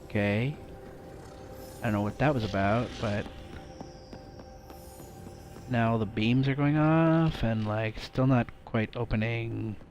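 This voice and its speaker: A young man streams a video game, talking slowly with long pauses in a medium-pitched, darkish voice as faint music plays behind him. His casual gameplay commentary is rambling and jokey, thick with "like" and "um" and silly outbursts.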